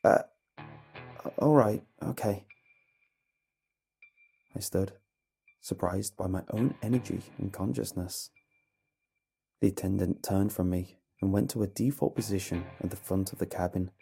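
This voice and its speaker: A man narrating a horror story in a measured, dramatic way over a faint music bed. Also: deep voice, steady tone, gravelly, mellow, slightly rough.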